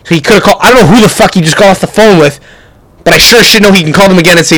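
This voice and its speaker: A young man hosting a podcast, telling stories in a profane, rambling, animated way. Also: high-pitched, rapid-fire, dry recording, low-quality recording. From Canada. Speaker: podcast host. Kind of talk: casual storytelling rant.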